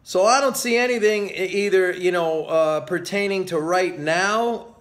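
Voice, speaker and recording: A man's voice: high voice, unhurried, fairly bright tone. A middle-aged man giving casual, sarcastic market commentary to viewers, talking to them as folks.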